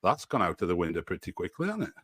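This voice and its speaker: A man's voice: low voice, wildly swooping pitch, fast talker, fairly bright tone, slightly rough, no room sound, studio quality. A man co-hosting a casual football podcast, wry and reading out listener comments. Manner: wry, reads out listener messages.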